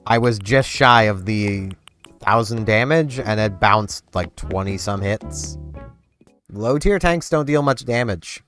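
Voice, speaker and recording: Low-voiced man rambling over gameplay. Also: expressive, slow, fairly bright tone. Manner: rambling, loose, filler-heavy. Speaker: gaming channel host. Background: game music.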